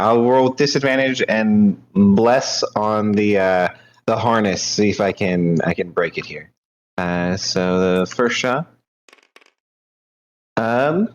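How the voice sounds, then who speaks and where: Hesitant low-voiced male player. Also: expressive, lo-fi sound. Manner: hesitant, many pauses. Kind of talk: casual tabletop game play.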